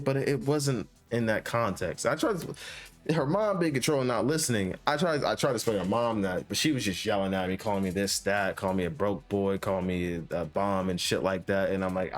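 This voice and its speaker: Rambling young man telling a story. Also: lowish voice. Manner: rambling, full of restarts and fillers, profane. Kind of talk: casual storytime vlog.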